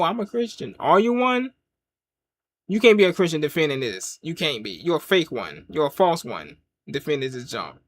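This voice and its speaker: A man giving a casual watch-along review of a wrestling show, rambling through jokes and rants and laughing often. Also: high-pitched. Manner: loose, joking rants with frequent laughs.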